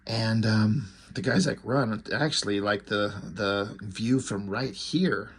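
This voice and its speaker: A man's voice: fairly low pitch, slow, breathy edge. A man giving a casual, rambling recap and commentary as a comic book reviewer, offhand with frequent fillers and restarts.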